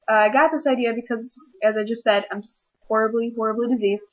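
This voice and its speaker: A teenage girl ranting casually to camera, rambling and acting out little scenes in quick voices. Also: on the high side, fairly even intonation, lo-fi sound. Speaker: vlogger. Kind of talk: casual comedic rant to camera.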